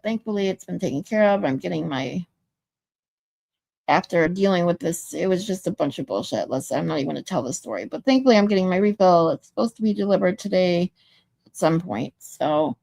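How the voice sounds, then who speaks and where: A sleep-deprived woman hosts a livestream, chatting loosely and reading viewer comments aloud. Her voice is on the low side, creaky, and a little mellow, in a dry recording.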